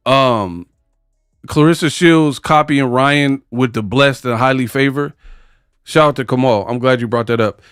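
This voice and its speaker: A man hosting a casual live stream, chatting with viewers in animated, slangy banter and often breaking into laughter. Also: medium pitch, dry recording, clean studio sound. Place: home set under hot lights.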